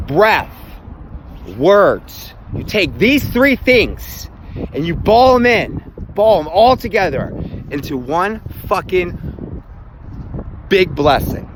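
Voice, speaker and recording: A man's voice: high-pitched, slight background noise. Blunt, foul-mouthed motivational man. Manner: blunt, heavy swearing, emphatic. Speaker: self-help vlogger. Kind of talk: profane motivational rant.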